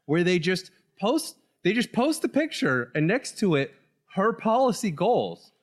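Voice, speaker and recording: A man's voice: sits high, big pitch swings, a little slow. A man co-hosting a casual political podcast, talking animatedly and laughing often. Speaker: podcast co-host.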